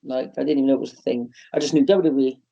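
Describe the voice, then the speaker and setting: A man in his thirties tells his stories casually, acting out quoted lines with a jump in pitch. His voice is dark and mellow. The podcast audio sounds dull and lo-fi. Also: very fast, creaky, breathy edge. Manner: animated storyteller, acts out quotes in a raised voice. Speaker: wrestling promoter and guest. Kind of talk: casual interview storytelling.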